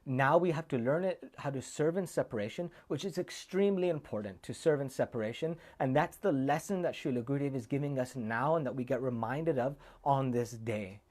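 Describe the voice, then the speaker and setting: A man giving a loose, heartfelt sermon as a monk, drifting between personal memories and teaching. He speaks at a middling pitch and often wanders off on side tangents before finding his way back. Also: fairly quick, hardly any pauses, darkish tone. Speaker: monk giving a remembrance talk. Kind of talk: informal sermon with personal stories. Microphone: camera recording.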